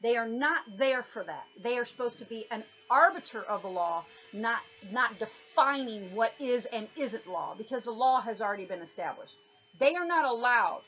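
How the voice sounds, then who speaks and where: Woman, high voice, emphatic, lecturing, faint background noise. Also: fairly bright tone. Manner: emphatic, lecturing, stresses words. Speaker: commentator. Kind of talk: didactic monologue. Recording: dull lo-fi recording with faint noise.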